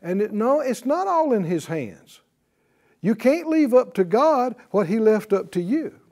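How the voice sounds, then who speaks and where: A man's voice: high voice, sing-song, unhurried, darkish tone. A man teaching a Bible class in a sermon style, emphatic and repetitive, often putting questions to the class.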